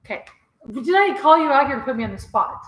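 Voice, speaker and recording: A woman's voice: sits high, lively intonation, quick pace, fairly bright tone, slight background noise. A middle-aged woman hosting a casual home vlog, chatting with viewers and laughing often. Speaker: vlogger host. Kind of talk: casual live chat with viewers. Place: indoors at home. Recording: roomy echo.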